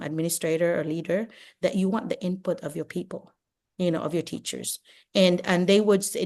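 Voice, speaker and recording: Older woman, retired educator, lively and chatty, lots of "you know", heard over a video call. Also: on the low side. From Philippines. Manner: animated, acts out classroom exchanges, many "you know"s. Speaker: retired teacher and administrator, guest speaker. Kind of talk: casual advice talk on a video call.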